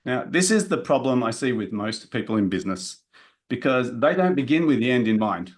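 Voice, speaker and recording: A man giving a live business seminar in a direct, energetic way, talking straight to the audience in the room. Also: mid-range voice, a little fast. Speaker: business coach presenting a workshop.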